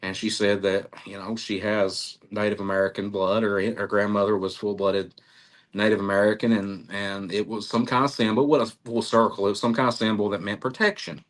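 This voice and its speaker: A middle-aged man in an interview, telling a story in an animated way, acting out quotes and laughing often. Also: on the low side, a little fast. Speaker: interviewee, cryptid researcher.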